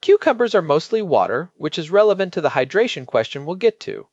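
Man, expert podcast co-host, measured and emphatic, high animated voice. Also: no room sound, dull audio. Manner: measured, explanatory, emphatic on key points. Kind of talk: explanatory podcast chat.

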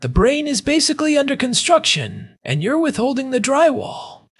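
A podcast co-host making wry, joking asides in casual chat, with a husky voice. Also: high-pitched, big pitch swings, normal speed, dry recording, clean studio sound.

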